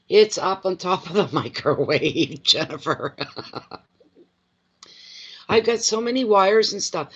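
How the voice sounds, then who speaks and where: A man, a card reader chatting casually on a livestream from home, expressive and quick to laugh, greeting viewers by name. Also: high-pitched, breathy edge, highs cut off. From Atlantic Canada.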